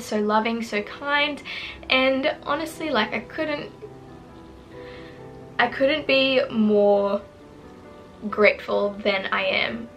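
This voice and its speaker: A woman's voice: a little high, pushed and bright, poor audio. A young woman in her twenties, earnest and teary, talking about her life in a rambling, heartfelt personal vlog. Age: 20s. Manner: earnest, tearful, rambling with many fillers. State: teary and emotional. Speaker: vlogger. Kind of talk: emotional personal vlog to camera. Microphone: camera mic, sitting close.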